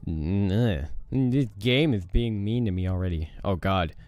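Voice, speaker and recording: A young man giving casual let's play commentary, reacting loudly to the game, groaning and swearing. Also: lowish voice, animated, a little slow. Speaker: gaming YouTuber.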